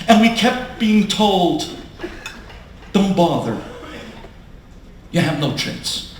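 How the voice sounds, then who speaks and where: Dramatic, slow-paced rabbi in an echoey hall. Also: male voice, high-pitched. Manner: dramatic storytelling, swings from hushed to shouting. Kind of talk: inspirational talk to an audience. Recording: echoey hall with faint room noise.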